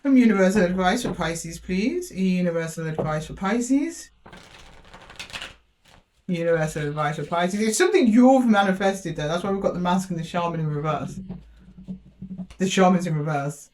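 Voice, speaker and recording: A woman giving a casual tarot reading, chatty and playful, laughing often and putting on quick voices for the universe. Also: on the low side, lively intonation, darkish tone. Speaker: tarot reader.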